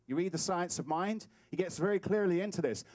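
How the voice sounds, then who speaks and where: Guest preacher, male, tenor-ish, dry close sound, playful and animated delivery. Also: high voice, a little fast, dry recording. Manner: animated and playful, acts out scenes. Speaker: guest speaker at a spiritual center. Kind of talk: sermon. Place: talk hall.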